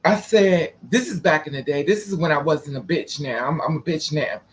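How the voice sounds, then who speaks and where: High-voiced man telling a profane street story. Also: moderate pace. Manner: profane, dramatic, switching between quoted voices. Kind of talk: casual storytelling vlog.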